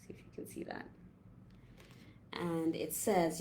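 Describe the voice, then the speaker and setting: Gentle, reflective woman coach, lowish voice. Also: flat delivery, gravelly, slight background noise. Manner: gentle, reflective, drawn-out pauses. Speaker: holistic health coach. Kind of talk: casual inspirational talk.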